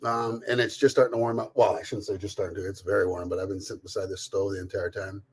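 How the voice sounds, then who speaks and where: Deep-voiced and breathy, this middle-aged man from Canada talks fast with little pitch movement as he cooks on a livestream. He reads the chat, greets viewers by name, and curses without restraint.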